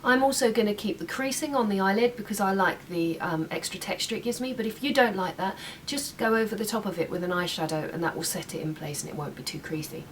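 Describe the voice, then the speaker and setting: Fast and nearly pause-free, this young woman's mid-range voice keeps up a chatty commentary through an at-home makeup tutorial, with small asides while she works. Faint room noise comes through a slightly distant mic.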